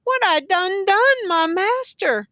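Woman reading as Miss Emma, a high, tearful old woman. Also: animated, pushed and bright, dry recording, dull audio, full character voice. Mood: anguished. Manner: slow, drawn-out pleading with rising high pitch. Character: grieving elderly woman, pleading and tearful.

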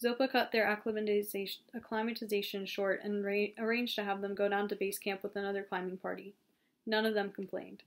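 A woman reading a novel aloud, steady and calm, now and then stumbling and restarting a phrase. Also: mid-range voice, a little fast. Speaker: audiobook reader.

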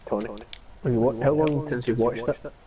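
A man in loose gaming chat, swearing and laughing as he spins a story. He sits back from the mic, and loud noise from the game and other people rolls underneath him. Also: medium pitch, steady tone, a little fast, far from the mic, muffled recording, crowd noise. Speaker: streamer.

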